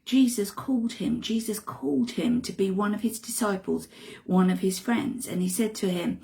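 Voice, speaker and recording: A woman retelling a Bible story in an expressive way, dropping to hushed asides. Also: medium pitch, a little slow, vocal fry.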